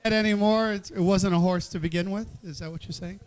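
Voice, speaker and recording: A man's voice: high-pitched, steady tone, fast talker, a little mellow, smooth. A man hosting a live cooking event, joking and bantering with the crowd and the teams in a casual, rambling way. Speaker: event host. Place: event hall with an audience.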